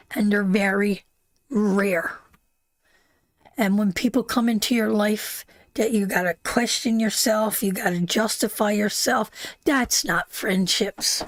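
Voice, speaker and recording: This woman has a mid-range voice and is heard with no echo as she hosts a live tarot reading. Affectionate toward viewers, she calls them sweetheart and my darling, and she drives her points home emphatically through constant repetition.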